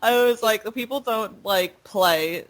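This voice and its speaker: A woman hosting a podcast in easygoing chat, with a middle-pitched voice. She rambles chattily, laughs a lot and sprinkles in filler words. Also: slow pace, poor audio. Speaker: podcast host.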